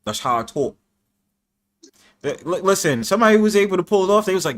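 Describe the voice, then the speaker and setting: A man's voice: high-pitched, sing-song, fast talker, long pauses. A man hosting a casual panel chat, boisterous and profane, laughing often and acting out the voices he quotes. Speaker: host of a live panel stream.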